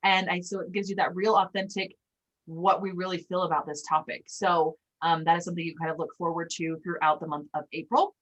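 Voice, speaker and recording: A woman from Utah opening a casual group training call as a panelist, chatty and relaxed with many fillers. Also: fairly low pitch, a little fast, highs cut off. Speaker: panelist and host.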